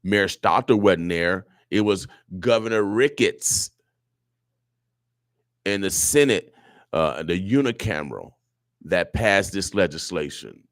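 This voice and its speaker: A very deep-voiced man hosts a radio show and speaks in an impassioned, preachy way, circling back and repeating his points. His voice is recorded dry and close in a studio, with no room sound. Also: animated, takes it slowly, long pauses, no echo. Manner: preachy, repetitive, emotional. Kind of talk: impassioned talk radio monologue.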